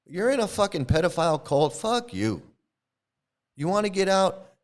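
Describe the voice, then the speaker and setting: In a high-pitched, sing-song voice at a moderate pace, a middle-aged YouTube host goes off on a profane live-stream rant. He's angry and confrontational, cursing out the commenters on his channel.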